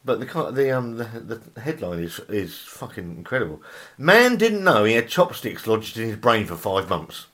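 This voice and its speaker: Guy doing comedy news on a podcast, super animated voice, keeps stumbling and riffing. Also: lowish voice, normal speed. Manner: reads headlines aloud, breaks off to laugh and riff; stumbles over words and apologises. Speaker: podcast host.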